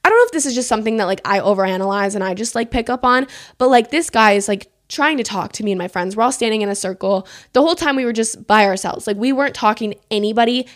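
A woman's voice: a little high, fast. A young woman telling a storytime on camera, chatty and indignant, peppering every sentence with "like" and swearing freely. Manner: emphatic, indignant retelling. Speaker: storyteller vlogger. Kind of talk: casual storytime monologue. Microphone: camera mic.

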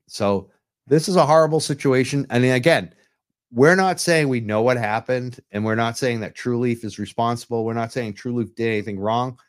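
A man from hosting a live-streamed talk show from home, speaking with urgent, impassioned advocacy into his computer mic while on camera. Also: medium pitch. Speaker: livestream show host. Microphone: computer mic while on webcam.

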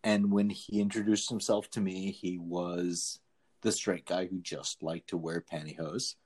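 A man co-hosting a podcast in casual chat, animated and jokey, laughing often. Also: sits low, measured pace, slightly rough. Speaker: podcast co-host.

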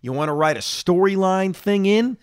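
Animated man with a lingering cough. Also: sits high, normal speed, smooth, no echo, clean studio sound. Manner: animated, opinionated, talks to listeners directly. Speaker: podcast host. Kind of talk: solo reaction podcast.

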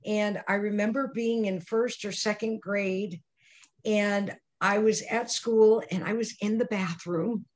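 Older female guest, animated storyteller, acts out quoted voices. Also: medium pitch, a little slow. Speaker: psychic medium guest. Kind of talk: storytelling interview answers.

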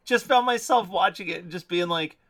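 Bright, dry-sounding laughing man. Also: high-pitched, fairly quick, dry recording. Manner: amused, laughing storyteller. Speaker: podcast co-host. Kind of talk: casual movie-review chat.

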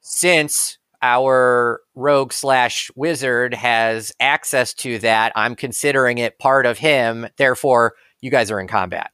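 A man's voice: medium pitch, measured pace, hardly any pauses, pushed and bright, clear, resonant tone, no echo, studio quality. A man acting as game master for a tabletop game, explaining rules in a casual, laid-back way.

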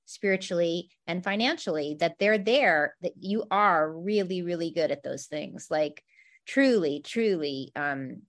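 A woman's voice: on the low side, lively intonation, a little slow. A woman hosting a conversation, reflecting back to her guest in an encouraging, thoughtful way. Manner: encouraging, reflective, many "like" fillers. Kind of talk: supportive conversational chat.

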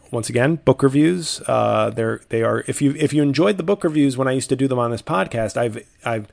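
A man's voice: mid-range voice, gravelly. A man hosting a comedy podcast, telling a rambling, profane story with mock outrage and frequent restarts. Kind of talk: rambling comic monologue.

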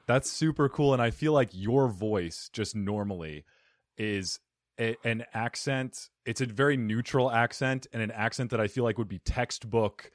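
A man's voice: mid-range voice, moderate pace, no echo. Brief: male podcast host, Italian accent, native Italian speaker, polished radio delivery, dead-dry sound. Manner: smooth radio-style delivery. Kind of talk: casual podcast interview.

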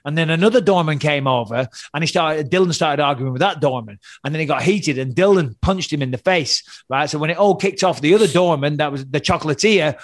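Guy, lively storyteller, swears a lot, fairly high voice, dry close sound. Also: brisk, few pauses, no room sound. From England. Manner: animated storyteller, swears freely, laughs while telling. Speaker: guest, former fighter. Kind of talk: casual podcast chat.

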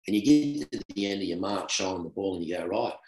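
A middle-aged man with an Australian accent, a former cricketer telling stories in a relaxed, animated chat with laughter. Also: deep voice, very fast. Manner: animated anecdote telling with laughter, swings between loud and hushed. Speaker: guest, former professional cricketer. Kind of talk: casual storytelling chat. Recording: roomy echo.

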